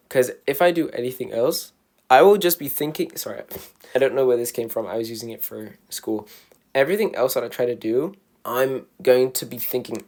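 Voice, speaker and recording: A man's voice: mid-range voice, moderate pace, darkish tone. A young man, a student, rambling casually to camera as a vlogger in a self-deprecating way, often restarting his sentences. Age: young adult, a student.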